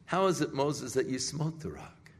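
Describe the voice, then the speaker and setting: A man's voice: medium pitch, expressive, normal speed, slight background noise, close to an everyday voice. A man voicing a stern but fatherly divine figure who speaks in a firm, reproachful way, in a sermon retelling. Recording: echoey hall.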